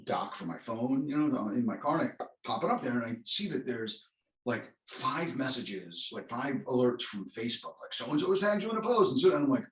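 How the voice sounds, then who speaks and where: A man interviewed as an actor guest speaks at normal speed with a medium pitch and lively intonation. His talk is casual and rambling, with many restarts and self-corrections, and the room gives a roomy echo.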